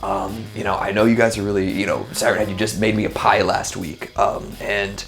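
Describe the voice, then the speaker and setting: A man's voice: fairly low pitch, flat delivery, a little fast, vocal fry. A man putting on a pleading video maker who begs monsters to act scary. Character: wheedling male video maker begging monsters.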